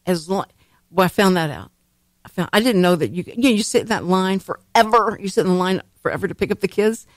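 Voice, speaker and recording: A woman's voice: mid-range voice, fast, no echo. A woman hosting a radio talk show, chatting in a rambling way and laughing often. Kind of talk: casual chat. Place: radio studio. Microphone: studio microphone.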